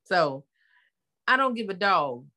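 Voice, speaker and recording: Bright-voiced blunt middle-aged woman. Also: mid-range voice, takes it slowly. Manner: blunt, animated, slangy storytelling. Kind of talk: casual chat.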